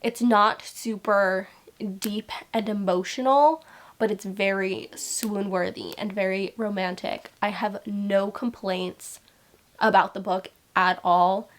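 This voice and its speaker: A young adult woman chatting casually in a book vlog, gushing and excitable and saying "like" a lot. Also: medium pitch, slow pace. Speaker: book vlogger. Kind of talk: casual reading vlog chat.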